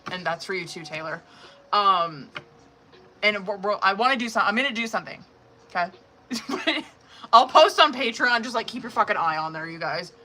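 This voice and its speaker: A woman's voice: mid-range voice, animated, moderate pace, bright, forceful tone, a little hiss or hum. A woman giving tarot readings on a live stream in casual, profane, chatty talk that is full of laughs. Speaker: tarot reader.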